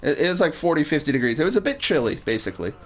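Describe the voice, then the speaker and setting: A man's voice: fairly high pitch, big pitch swings, rapid-fire, a bit bright, low-quality recording. A man streaming a game who tells a long, rambling story with plenty of swearing and restarted sentences. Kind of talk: casual storytelling while gaming.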